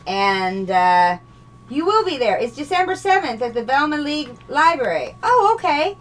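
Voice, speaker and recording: Bright-voiced woman hosting a chatty stream. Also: sits high, big pitch swings, moderate pace, distant mic. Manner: chatty, laughs often, trails off mid-sentence. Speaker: host of cosplay stream. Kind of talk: casual chat.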